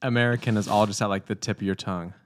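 A man's voice: on the low side, fairly even intonation. Jokey young male podcast co-host. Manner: laughs often, jokey, quick interjections. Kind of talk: casual chat.

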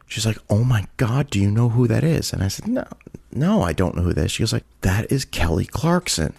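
His voice is deep and gravelly. Middle-aged and from Halifax, he's hosting his own podcast and telling a lively, casual story, slipping briefly into the voices of the people involved.

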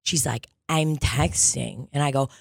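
A woman comedian chatting casually on a podcast, telling profane, animated stories. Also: very deep voice, a little slow, gravelly, no room sound, clean studio sound.

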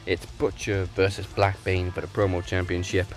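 A man's voice: low-pitched, completely flat delivery, moderate pace, faint music behind. A man co-hosting a podcast, chatting casually and reading out show plugs and sign-offs. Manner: plugs and reads out show details. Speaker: podcast co-host.

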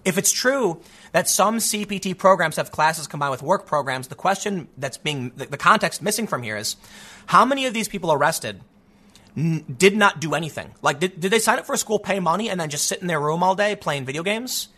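A man's voice: high-pitched, animated, brisk, pushed and bright. A man hosting his own show, giving casual, opinionated commentary, thinking aloud with frequent restarts and weighing both sides.

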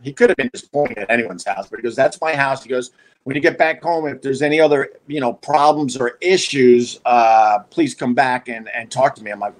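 A man telling a story casually, animated and swearing as he acts out his own reactions. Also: mid-range voice, fairly quick, low-quality recording. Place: house by a beach.

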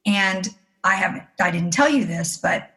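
A woman's voice: medium pitch, lively intonation, normal speed, bright, forceful tone, low-quality recording. A middle-aged woman telling a personal story as an interview guest, earnest and emotional. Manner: earnest, emotional, acting out the people she quotes.

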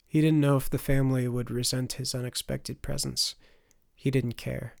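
A man narrating a fantasy audiobook in a measured storytelling voice. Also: medium pitch, flat delivery, gravelly, darkish tone, no echo, clean studio sound.

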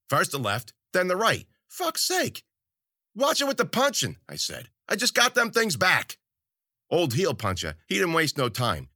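A man's voice: medium pitch, bright, forceful tone, dry recording, studio quality. A man narrating a story in the first person, crude, rambling and full of profane slang.

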